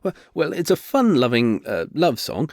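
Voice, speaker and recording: A man's voice: a little high, sing-song, moderate pace, darkish tone, no echo, clean studio sound, voice pushed up. A man voicing a flustered male bard turned reluctant duke, who stammers and hesitates nervously.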